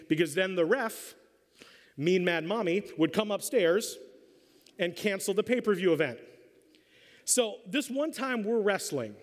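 A middle-aged man preaches in a church auditorium, telling a comic family story with lively acted-out voices. His voice sits high for a man. Long reverb trails behind his words. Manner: animated storyteller acting out voices. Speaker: pastor. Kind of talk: sermon with a humorous story.

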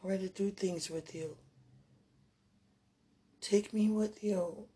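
A woman with a husky, breathy voice speaks tenderly to someone she loves, halting and trailing off into murmurs. Her talk is intimate and prayerful, soft and unguarded. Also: mid-range voice, steady tone. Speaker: partner speaking to a loved one. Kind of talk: intimate emotional monologue with prayer.

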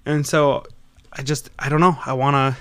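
A man's voice: medium pitch, flat delivery, moderate pace, a bit bright, smooth, dry recording. A man with a Wisconsin accent chatting casually on a podcast. He rambles, and his speech is loose and a little slurred. The sound is dry and close.

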